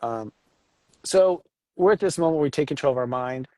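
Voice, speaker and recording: A man co-hosting a casual spiritual talk about astrology, animated and joking. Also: brisk, no room sound. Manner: animated, jokes, acts out voices with big pitch jumps. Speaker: astrology show co-host.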